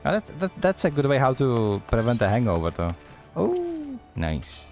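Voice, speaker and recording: A man commentates casually on a live stream, chatty and sarcastic, quick to laugh at what he sees. His voice sits at a middle pitch. Faint game music runs quietly in the background. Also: huge pitch swings.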